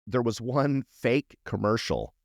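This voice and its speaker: A man's voice: mid-range voice, slow pace, dry recording, clean studio sound. A middle-aged man co-hosting a podcast, telling stories in casual chat and checking in with asides. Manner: animated storytelling, frequent "right?" asides. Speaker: podcast co-host.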